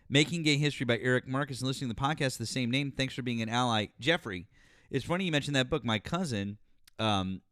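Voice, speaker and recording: A man runs a call-in political stream with a dry, close sound. He argues heatedly with a caller, yelling and cursing, then drops to a low grumble. His voice sits in a middle range. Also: no echo. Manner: yells and swears at a caller, then calms into low muttering. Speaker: host.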